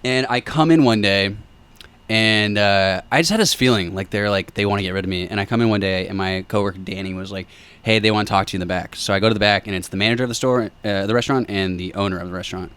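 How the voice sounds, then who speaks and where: A young comedian on a podcast speaks in a fairly low voice. He tells a long story in a loose, chatty way. He acts out the other people's lines with loud, animated energy. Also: quick pace, smooth. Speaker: comedian guest. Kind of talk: casual podcast chat, storytelling.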